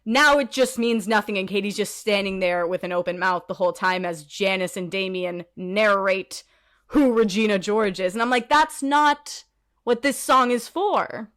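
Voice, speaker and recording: A woman co-hosting a podcast in casual chat, animated and ranty, swearing and laughing often. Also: medium pitch, moderate pace. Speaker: podcast co-host.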